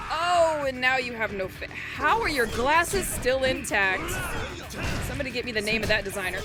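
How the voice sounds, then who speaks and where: A woman streaming a video game, joking and teasing the characters on screen as she plays. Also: high voice. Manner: jokey, teasing, talks back to game characters. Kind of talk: playful let's-play commentary. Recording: game music playing behind.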